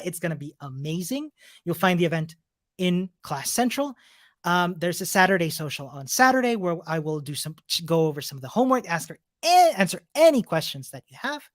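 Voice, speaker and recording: A man's voice: sits high, no room sound, clean studio sound. Upbeat man cheering on coding students. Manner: upbeat, encouraging, chatty with frequent restarts; laughs often between remarks. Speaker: coding bootcamp instructor. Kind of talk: live-stream class wrap-up and Q&A.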